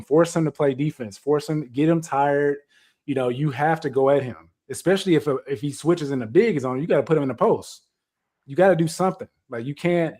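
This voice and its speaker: A man's voice: a little high, a little mellow. A man co-hosting a sports podcast, breaking down basketball strategy and arguing his point at length in casual chat. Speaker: podcast co-host.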